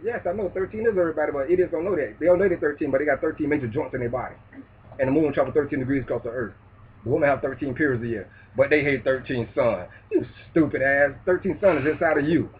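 A man ranting in a loud, preachy, profane street manner in a vlog monologue. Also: fairly high pitch, fast talker, slight background noise. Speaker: vlogger. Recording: distant tinny phone-like sound.

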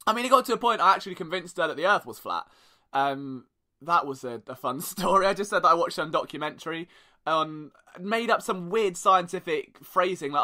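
A man's voice: high voice, a little fast. A young man hosting a sports podcast, telling stories in a sarcastic, joking way. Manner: animated, sarcastic storytelling. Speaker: podcast host. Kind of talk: casual sports podcast monologue.

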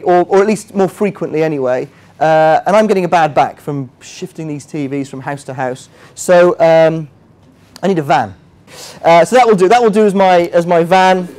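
Leading an interactive finance workshop in front of a live audience, a man with a darkish voice on the high side chats casually. He repeatedly asks the room if they agree and makes fun of himself as he explains.

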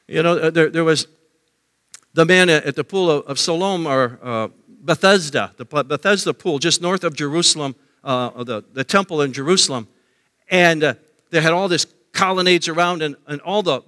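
Animated male preacher in a reverberant church. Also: high voice. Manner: animated storytelling, acting out crowd voices. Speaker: pastor. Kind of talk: sermon. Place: church sanctuary.

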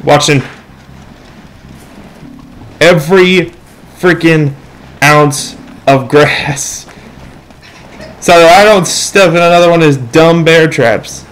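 Excitable teen boy gaming with music behind. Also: a little high, takes it slowly, long pauses, poor audio. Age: teens. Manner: excitable, yells at teammates, self-mocking. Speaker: gamer. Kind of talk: let's play commentary. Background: game music.

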